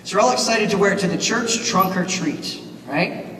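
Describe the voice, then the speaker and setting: A man giving a keynote speech at a banquet, animated and asking the audience questions. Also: sits high, moderate pace. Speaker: keynote speaker, teacher. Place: large banquet hall. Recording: echoey hall, mic from far off, noisy.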